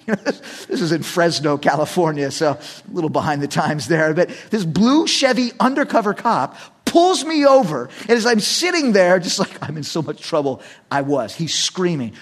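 A middle-aged male pastor preaching a sermon, telling personal stories in an animated way and acting out the voices in them. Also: high voice, fairly quick. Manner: animated storytelling, acts out shouted quotes.

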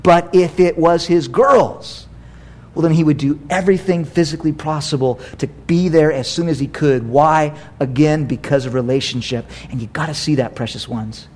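A middle-aged American man preaching a sermon as pastor, conversational and animated, with playful asides. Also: a little high, moderate pace.

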